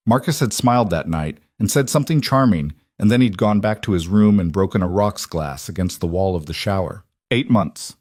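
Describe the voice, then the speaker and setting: A man narrating a scripted story in a steady, even storytelling voice. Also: deep voice, normal speed, hardly any pauses, dry recording, clean studio sound.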